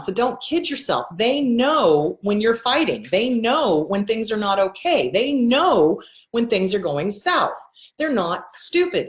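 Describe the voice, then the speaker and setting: A woman hosting a casual advice monologue as a therapist, talking bluntly and emphatically, swearing and repeating words for stress. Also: on the high side. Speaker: host and therapist. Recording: echoey room.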